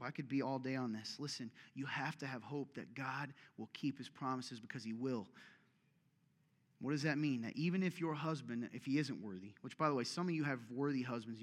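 A man preaching a sermon as pastor, with an emphatic, conversational delivery and big swings from loud to quiet. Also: medium pitch, long reverb tail.

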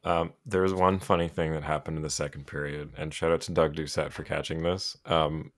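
Deep-voiced guy hosting a hockey podcast, chatty and animated, does little voices for the players. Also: fairly quick. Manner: animated storyteller, acts out players' reactions in high voices. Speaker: podcast host. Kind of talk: casual hockey podcast chat.

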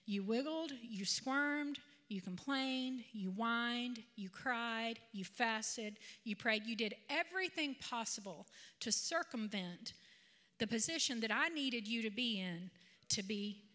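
Woman voicing the Holy Spirit: bright, calm, searching. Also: fairly high pitch, slow pace, in a large hall, full character voice. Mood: challenging. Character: the Holy Spirit, gently challenging.

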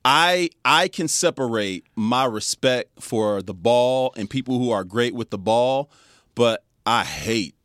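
A man co-hosting a sports talk radio show, talking in an animated, slangy, emphatic way. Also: mid-range voice, slow pace, no echo, clean studio sound. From Detroit. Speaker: radio co-host.

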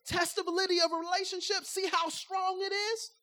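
High-voiced woman preaching a lively sermon. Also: fairly quick. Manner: lively, conversational, rhetorical questions to the audience; acts out everyday speech to make points.

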